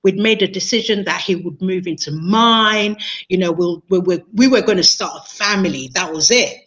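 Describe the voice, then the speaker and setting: A woman's voice: on the low side, moderate pace, fairly bright tone, lo-fi sound. A woman, an interview guest telling a personal story in an earnest, emotional way, often repeating herself. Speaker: interview guest, training consultant.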